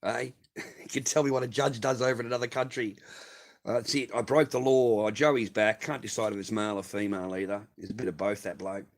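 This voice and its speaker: Hosting a casual livestream, a middle-aged Australian man reads viewer messages and responds in a blunt, profane, rambling manner. He talks fairly quickly in a lowish voice with fairly even intonation.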